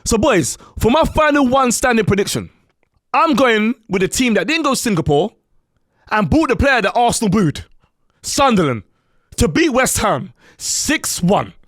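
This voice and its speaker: Man, high voice, lively ups and downs, mocking banter, dry sound. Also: moderate pace, no room sound. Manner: mocking, playful. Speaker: podcast co-host. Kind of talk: casual banter.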